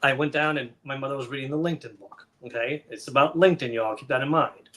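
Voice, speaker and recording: A middle-aged man, a children's book author and guest on a live show, telling stories in a lively way and acting out the voices of the people in them. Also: medium pitch, fast, background noise. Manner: animated, acts out the voices of others in his stories. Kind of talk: conversational interview storytelling.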